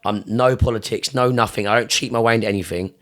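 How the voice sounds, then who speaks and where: Intense, swearing man, low voice. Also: fairly even intonation, quick pace. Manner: intense and emphatic, heavy swearing, repeats phrases; voice jumps higher and louder when fired up. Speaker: gym owner and Muay Thai coach. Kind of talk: casual podcast interview.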